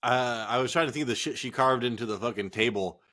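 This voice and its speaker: A man's voice: mid-range voice, quick pace, pushed and bright. A man co-hosting a casual fantasy football podcast, a bit tipsy from drinking, joking, swearing and rambling. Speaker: podcast co-host.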